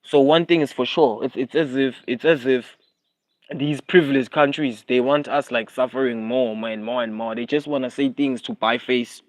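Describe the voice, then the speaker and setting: A man's voice: medium pitch, fairly even intonation, moderate pace, no echo. Heated South African man ranting on a livestream. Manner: heated, repetitive, slips into Zulu phrases. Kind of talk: casual live-stream rant.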